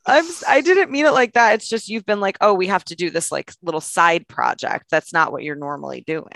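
A woman's voice: lowish voice, a little fast, creaky, a bit bright, dry recording. A young woman co-hosting a podcast, chatting and teasing her co-host. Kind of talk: casual chat.

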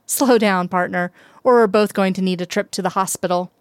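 A woman's voice: mid-range voice, steady tone, a little fast, clean tone, dry recording, studio quality, natural voice. A woman voicing a playful grown man in a read-aloud story, teasing and joking.

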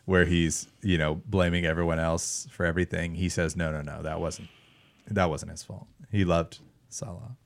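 A man's voice: sits low, fairly even intonation, normal speed, gravelly, no room sound. A man co-hosting a casual sports podcast, opinionated and teasing in his banter. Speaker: podcast co-host.

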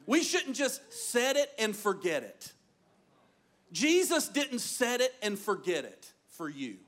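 A man's voice: high voice, slow pace. A man preaching a sermon, telling stories with energy and acting out the voices of the people in them. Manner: energetic, storytelling, acts out quoted voices. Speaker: pastor.

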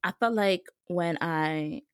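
A young woman talks on her podcast with a lowish voice, leaning heavily on "like" as she chats. She springs into lively retellings of what other people said. The sound is close and dry, with no room around her. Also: slow pace, clear, resonant tone, no echo. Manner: chatty, heavy use of "like", animated when retelling others. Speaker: podcast host. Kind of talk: casual personal storytelling.

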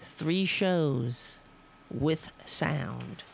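A woman's voice: sits low, very slow, creaky, slight background noise. A woman hosting a casual livestream, rambling, swearing and scolding herself. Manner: profane, self-scolding, rambling. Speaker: livestream host.

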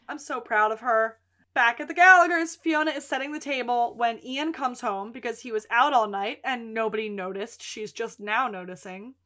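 A woman co-hosting a podcast, recapping episodes in casual chat and acting out the characters' lines with animated storytelling. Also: on the high side, normal speed. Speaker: podcast co-host recapping a TV series.

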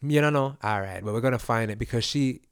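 A man's voice: medium pitch, quick pace, clean tone, dry recording, clean studio sound. A man co-hosting a casual podcast chat, talking in a meandering way full of fillers. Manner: chatty, meandering, lots of fillers. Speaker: podcast co-host.

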